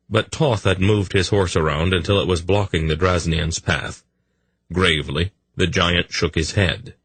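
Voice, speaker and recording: A man narrating a fantasy audiobook in an even, measured storytelling manner. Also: sits low, husky, no room sound.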